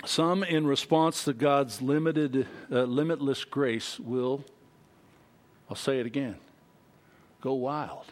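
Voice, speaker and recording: A man preaching a sermon as pastor, emphatic and animated, acting out other people's voices and reading scripture aloud. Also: mid-range voice, slow pace, long pauses.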